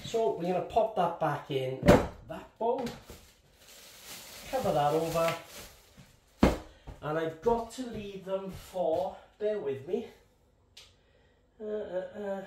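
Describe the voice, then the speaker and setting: A man's voice: high voice, takes it slowly, pauses often. A man in his sixties with a Welsh accent talks viewers through kneading sourdough in his home kitchen, chatty and step by step. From Wales. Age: 60s. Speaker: home baker. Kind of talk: casual baking demonstration. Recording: echoey kitchen, faint background noise.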